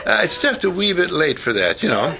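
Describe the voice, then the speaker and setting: A man's voice: on the high side, brisk, gravelly, very noisy. An older man giving a folksy motivational talk, telling stories and acting out the voices of the people in them. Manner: animated storyteller who acts out quoted voices.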